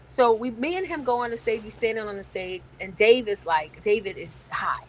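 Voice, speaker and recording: A woman's voice: fairly high pitch, moderate pace, background noise. A woman comedian telling a story in casual chat, swearing freely and acting out what others said. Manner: lively storyteller, swears freely, acts out quotes. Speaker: comedian guest.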